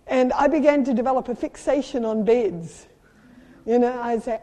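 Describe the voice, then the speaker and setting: A middle-aged South African woman preaching in a high, mellow voice. She tells lively personal stories and urges her listeners on emphatically. Her voice rings out with a long reverb through a large hall. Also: moderate pace. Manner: animated storytelling with playful sound effects and emphatic exhortation. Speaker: traveling preacher.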